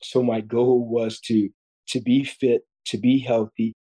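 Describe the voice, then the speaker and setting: A man's voice: mid-range voice, little pitch movement, a little slow, breathy edge, low-quality recording. Earnest man in his fifties, telling a story. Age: 50s. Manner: earnest, repeats words, warm storytelling. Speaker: guest surgeon. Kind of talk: storytelling in a podcast interview.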